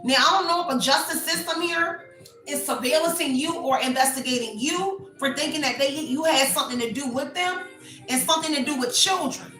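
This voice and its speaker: Woman, tarot reading, high voice, blunt and chatty, echoey room, faint music. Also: a little fast, sharp tone. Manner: chatty, blunt, rambling storytelling. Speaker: tarot reader. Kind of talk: casual tarot reading monologue.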